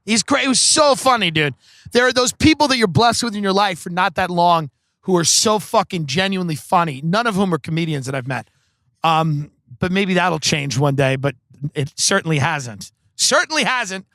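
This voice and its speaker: A man's voice: fairly high pitch, moderate pace, fairly bright tone, no room sound, clean studio sound. A man hosting a podcast, telling comic stories in a casual, profane, rambling way full of "like". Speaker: podcast host. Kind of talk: comedic storytelling.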